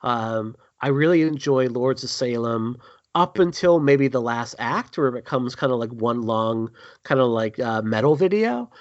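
A man's voice: medium pitch, lively intonation, moderate pace, no echo, dull audio. A man hosting a horror podcast in casual chat, rambling with frequent ums, a little tired. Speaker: podcast host.

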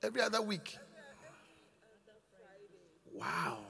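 A man's voice: sits high, expressive, slow pace, creaky, bright, forceful tone. An older man, a bishop preaching to his congregation, questioning and scolding them in call-and-response. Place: large church hall. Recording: long reverb of a church hall.

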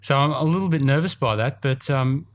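A man's voice: medium pitch, fairly quick. A man with an Australian accent hosting a golf podcast in casual, rambling chat, a bit self-deprecating. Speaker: podcast host. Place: studio room.

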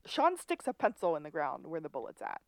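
Lady podcast cohost telling the plot, kinda low voice. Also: huge pitch swings, fairly quick, gravelly, no echo. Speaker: podcast co-host. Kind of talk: casual recap chat.

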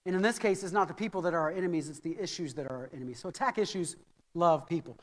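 A man's voice: fairly high pitch, rapid-fire. An American man preaching a sermon as pastor, earnest and anecdotal, repeating key phrases for emphasis. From United States. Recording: reverberant hall.

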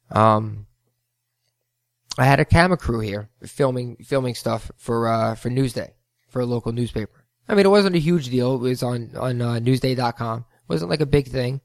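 A man's voice: mid-range voice, creaky, no echo, studio quality. A man hosting a podcast, telling a rambling story with heated asides. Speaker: podcast host, float center owner. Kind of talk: casual storytelling monologue.

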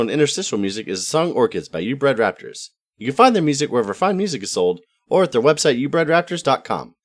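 A man hosting a podcast, reading a housekeeping and sponsor break in a brisk, jokey way. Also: medium pitch. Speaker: podcast host.

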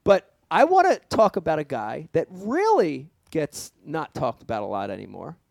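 An excitable male host whose voice swings up and down a lot as he tells stories. He talks loosely and swears now and then. The sound is dry and close. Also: fairly high pitch, normal speed, vocal fry, no echo. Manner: excitable, lively, swears casually, says dude. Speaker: podcast host. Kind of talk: casual podcast chat.

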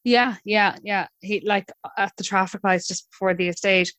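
A young Irish woman in her twenties, telling her own story in a relaxed, chatty way with hesitant restarts. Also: mid-range voice, moderate pace, no echo. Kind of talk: conversational storytelling.

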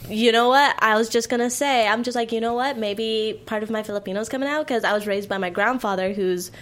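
A woman's voice: fairly high pitch, fairly quick. A young adult woman in casual chat, candidly telling family stories and acting out quotes. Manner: candid, storytelling, acts out quotes with profanity.

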